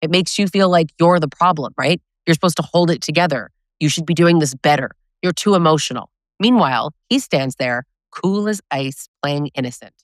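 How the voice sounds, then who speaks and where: Low voice woman teaching about relationships, punchy, keeps saying right?, dry close sound. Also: moderate pace, no room sound. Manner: emphatic, keeps adding "right?"; direct, coaching tone. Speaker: abusive relationship educator. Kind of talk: direct-to-camera talk.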